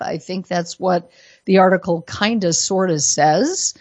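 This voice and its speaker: Slow, sarcastic woman commentator. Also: on the low side, a little mellow, no room sound, lo-fi sound. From Colorado, USA. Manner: sarcastic, mock-innocent asides. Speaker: political commentator. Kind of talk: opinion monologue.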